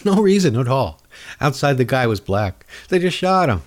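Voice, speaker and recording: A man's voice: medium pitch, big pitch swings, normal speed. A man hosting a talk show, delivering a sarcastic, angry monologue. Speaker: radio show host.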